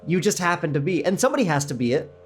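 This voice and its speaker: Animated middle-aged male podcast co-host. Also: fairly high pitch, husky, faint music behind. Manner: animated, storytelling with quick asides and laughs. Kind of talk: casual chat.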